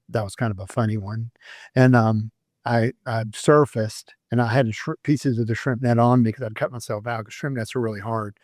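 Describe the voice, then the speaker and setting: A man's voice: medium pitch, darkish tone, dry recording, studio quality. A man in his fifties, a retired sheriff's deputy, telling rambling stories in a casual interview and laughing at himself. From Florida, USA.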